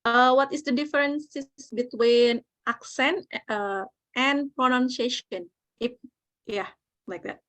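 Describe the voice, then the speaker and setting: A woman's voice: high-pitched, takes it slowly, no room sound. A woman moderating a casual online discussion, laughing often as she passes questions along. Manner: friendly, laughs often, relaxed. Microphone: video call.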